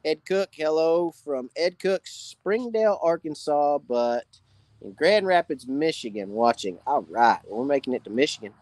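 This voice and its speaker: A man's voice: a little high, lively intonation, unhurried, darkish tone, no echo. A man hosting a casual live fishing Q&A, greeting viewers by name. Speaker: fishing channel host. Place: outdoors by a campfire.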